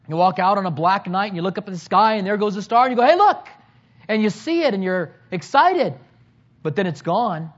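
A man in his forties preaching a sermon as pastor, earnest, rising to loud emphasis and dropping to quiet, emotional lows. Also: lo-fi sound. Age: 40s.

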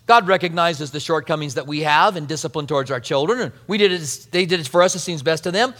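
A middle-aged male pastor preaching a sermon, telling family stories in a conversational, animated way. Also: a little high, quick pace, hardly any pauses, big-room sound.

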